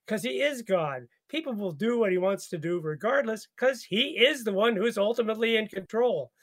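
Hosting a conversational radio Bible study, this man speaks with a voice that sits high. He's animated, laughs often, and repeats words while he thinks.

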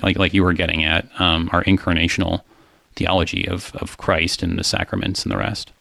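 Deep-voiced man musing on scripture. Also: little pitch movement, brisk, vocal fry, pushed and bright, no echo, clean studio sound. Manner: thoughtful, many fillers and restarts. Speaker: co-host discussing a psalm. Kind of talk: casual theological discussion.

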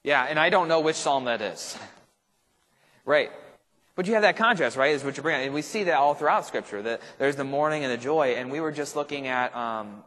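A man's voice: mid-range voice, lively intonation, fairly quick, a bit bright, long reverb tail. A male pastor leading a casual Bible study, talking conversationally and checking in with the group with frequent tag questions. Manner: thinks aloud with restarts and asides.

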